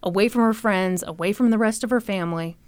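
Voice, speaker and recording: A young woman hosting a podcast, telling a true crime story in an animated, chatty way full of "like" and "you know". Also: mid-range voice, fast, clean tone, no room sound. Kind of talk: casual storytelling chat.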